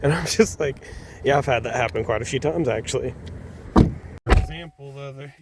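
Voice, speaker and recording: A man's voice: mid-range voice, moderate pace. A young man, a food delivery driver rambling through profane stories inside his car. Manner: rambling, profane anecdotes with laughs. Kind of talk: casual storytelling vlog. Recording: distant mic with loud road noise.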